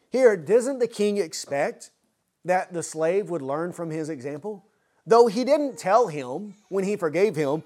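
Guy giving a sermon, kinda high voice, earnest, keeps asking the room rhetorical questions. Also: expressive, unhurried, mellow. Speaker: preacher. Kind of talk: expository sermon.

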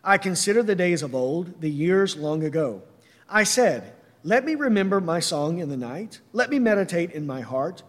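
A man's voice: high-pitched, very animated. Earnest man preaching in a reverberant hall. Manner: earnest, reads slowly then explains with "right?". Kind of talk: sermon with scripture reading.

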